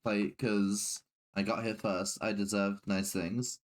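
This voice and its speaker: A man in casual tabletop role-play, playful and quick to laugh. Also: lowish voice, slight background noise. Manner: playful, laughs often, animated. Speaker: player.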